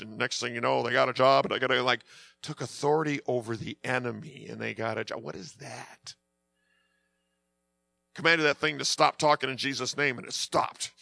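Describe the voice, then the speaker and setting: A man preaching a sermon in a conversational way, acting out quotes and swinging from quiet to loud. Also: medium pitch, vocal fry, dry recording. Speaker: pastor.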